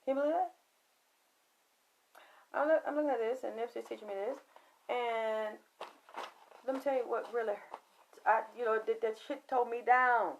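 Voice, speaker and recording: A woman telling a spiritual story in an emphatic, preachy, profane monologue that swings from loud to hushed. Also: on the high side, moderate pace, long pauses, a little hiss or hum, poor audio. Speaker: spiritual talk host.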